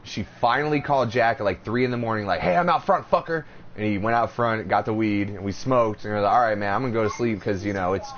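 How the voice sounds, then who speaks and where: A man's voice: lowish voice, fast, hardly any pauses. A man hosting a podcast in casual chat, telling stories with lots of swearing and acted-out quotes. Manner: animated storytelling, profane, acts out quotes. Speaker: podcast host. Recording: dull lo-fi audio, faint noise.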